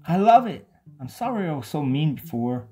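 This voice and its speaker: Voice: mid-range voice, big pitch swings, moderate pace, dark tone, husky, soft background music. A narrator doing Clara, a small bluffing duck. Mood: joyful. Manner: bluffing, bold threats. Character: small brave boastful duck girl. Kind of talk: children's storybook read-aloud.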